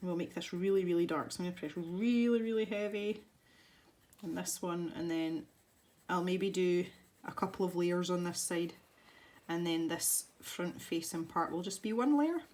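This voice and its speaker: A young woman with a soft west-of-Scotland accent talks through a colouring tutorial in a casual, rambling way. Her voice sits a little low for a woman, and she pokes gentle fun at herself as she chats. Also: moderate pace. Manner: chatty and rambling, self-deprecating. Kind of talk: casual chat while colouring.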